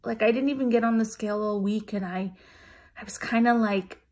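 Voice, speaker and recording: A woman's voice: medium pitch, a little fast, darkish tone. A woman vlogger telling a personal story to camera in a chatty, emotional way, full of fillers and restarts. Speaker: vlogger sharing a weight-loss weigh-in.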